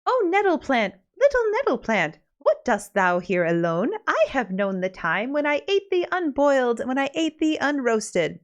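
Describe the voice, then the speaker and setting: A woman voicing a young maid in disguise, speaking in a high sing-song, old-fashioned manner. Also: big pitch swings, moderate pace, hardly any pauses, highs cut off.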